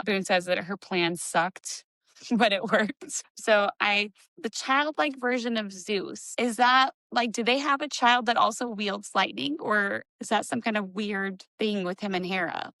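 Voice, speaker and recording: A woman's voice: medium pitch, sharp tone, no room sound, rough recording. A woman co-hosting a casual book discussion, talking in a rambling, questioning way with fillers. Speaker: book podcast co-host.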